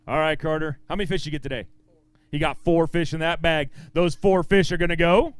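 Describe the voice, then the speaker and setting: A man emceeing a fishing tournament weigh-in outdoors, booming out weights and angler names in an upbeat, lively way over a handheld microphone. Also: brisk, dry recording. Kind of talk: live weigh-in announcing.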